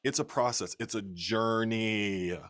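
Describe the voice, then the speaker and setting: A man hosting his channel, talking earnestly and warmly with a friend on a video call. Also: lowish voice, slow pace. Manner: earnest, heartfelt, jokey. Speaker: channel host. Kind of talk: casual conversation.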